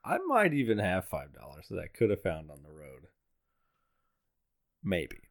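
A young podcast co-host with a low, gravelly voice. He talks in loose, rambling banter full of dry jokes. He sits close to a desk microphone. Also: wildly swooping pitch, a little slow. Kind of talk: casual banter. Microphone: headphones and desk mic.

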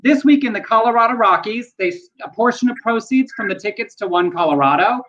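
A man's voice: very high voice, animated, a little fast, lo-fi sound. A man co-hosting a podcast, chatting wryly about the news with folksy asides. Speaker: podcast co-host. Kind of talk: casual news chat.

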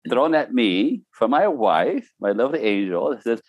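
A man's voice: mid-range voice, sing-song, moderate pace, hardly any pauses, no echo, muffled recording. A middle-aged man talking casually and telling stories, laughing often and mimicking other voices. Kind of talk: casual podcast chat.

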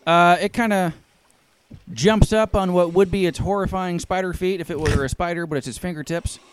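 A man running a tabletop game as game master, narrating in a loose, unhurried way with laughs. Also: high-pitched, fairly even intonation, clean tone.

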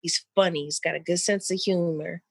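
A mother talking with an old friend in loose, rambling chat, with lots of fillers and lively pitch jumps when she quotes people. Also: a little fast, creaky, husky, dry recording, studio quality. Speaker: mother of an eleven-year-old.

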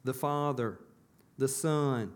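Conversational pastor preaching a sermon. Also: male voice, mid-range voice, slow pace. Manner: conversational preaching, questions to the congregation. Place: church.

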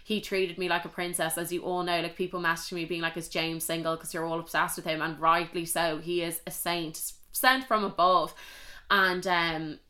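A woman's voice: lowish voice, flat delivery, normal speed, pushed and bright. A young woman with an Irish accent hosting a podcast, telling personal stories in a candid, chatty way and swearing freely. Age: young adult. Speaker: podcast host. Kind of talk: casual confessional storytelling.

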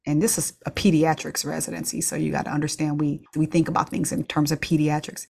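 A woman's voice: sits low, flat delivery, quick pace, creaky, a little mellow, husky. A middle-aged woman, a pediatrician, candidly telling a personal story with laughs and restarts. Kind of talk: reflective storytelling.

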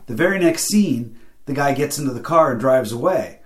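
Man, casual critic, middle pitch, thoughtful and halting, roomy echo. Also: lively intonation. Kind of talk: casual movie review chat. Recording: echoey room.

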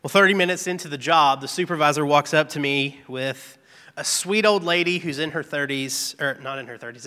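A man's voice: a little high, moderate pace, sharp tone. A man giving an earnest, candid devotional testimony, telling a personal story about his work. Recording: long reverb, echoey hall.

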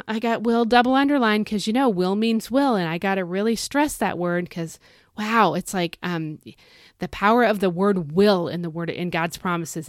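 A woman's voice: fairly low pitch, no echo, studio quality. A middle-aged woman hosting a devotional podcast, preaching in a fervent, folksy, exhorting way. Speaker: podcast host.

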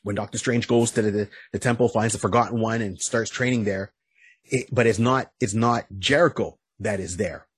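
Casting note: male podcast host, low husky voice, dry close sound, chatty stammering storyteller. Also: normal speed, no room sound. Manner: stammering restarts, frequent "you know"; lively storytelling retelling. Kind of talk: casual podcast chat, recapping a comic.

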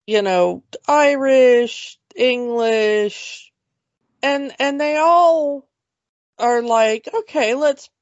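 A woman co-hosting a movie podcast talks slowly and loosely, rambling through asides and restarts. Her voice is close and dry. The audio is slightly dull. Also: fairly high pitch, no echo. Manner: chatty, rambling with restarts and laughs. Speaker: podcast co-host. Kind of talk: casual movie chat.

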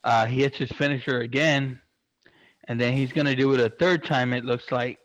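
A man's voice: mid-range voice, normal speed, no echo. Casual guy swearing nonstop, lots of ums and uhs, kinda muffled dry recording. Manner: excitable, heavy swearing; rambling with many fillers. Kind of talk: casual chat.

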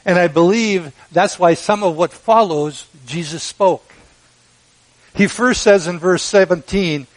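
Guy preaching, kinda high voice, slow emphatic sermon with big pauses. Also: poor audio. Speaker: pastor.

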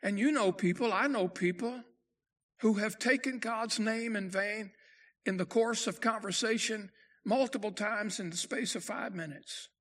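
A man preaching a sermon as pastor, emphatic and slowing down to lift his voice for quoted scripture. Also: sits high, a bit bright.

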